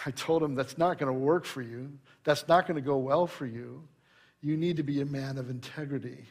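A man's voice: mid-range voice, fairly even intonation, moderate pace. A middle-aged male pastor preaching a sermon, telling anecdotes in a conversational way and rising to emphatic preaching.

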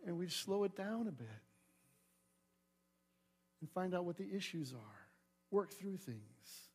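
A middle-aged male pastor delivers a sermon in a fairly high voice. He preaches with lively energy, pressing hard on some lines and dropping to a hush on others. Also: slow pace, slightly rough. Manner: animated preaching, swings from loud emphasis to soft asides.

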